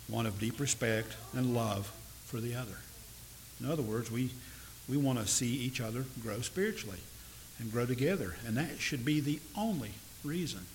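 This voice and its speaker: Earnest male preacher, measured delivery. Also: mid-range voice, rough recording. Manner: measured, earnest, with slow emphatic stresses. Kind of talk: sermon. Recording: faint hiss.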